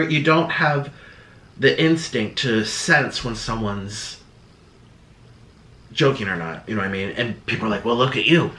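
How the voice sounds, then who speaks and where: A man's voice: mid-range voice, a bit bright. A young man YouTuber talking casually to camera, rambling and defensive, slipping into sarcastic quoted voices. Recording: echoey room.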